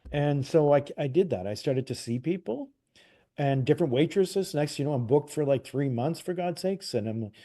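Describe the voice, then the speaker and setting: A Canadian man with a mellow, warm voice tells a personal story as an interview guest. He slips into the voices of the people he quotes and talks loosely, full of "like" and false starts. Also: a little high, normal speed. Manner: animated retelling, acts out quoted dialogue, frequent "like" and restarts. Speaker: interview guest, psychic medium. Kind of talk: casual storytelling.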